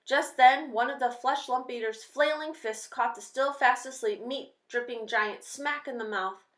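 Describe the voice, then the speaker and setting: A woman reading a children's novel aloud with steady, expressive storytelling. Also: high-pitched, measured pace. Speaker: reader. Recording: roomy echo.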